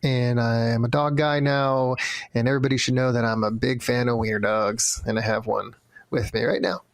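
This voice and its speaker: A man's voice: mid-range voice, little pitch movement, moderate pace, no room sound. A man co-hosting a casual podcast, joking and laughing often and acting out little voices in his stories. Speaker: podcast co-host.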